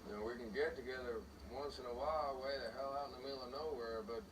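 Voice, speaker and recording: Actor playing a terse, gruff rancher. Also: male voice, medium pitch, steady tone, fast, background noise, natural voice. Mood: grim. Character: terse, guarded rancher man, gruff and tight-lipped. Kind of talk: film dialogue. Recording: distant film audio under loud music.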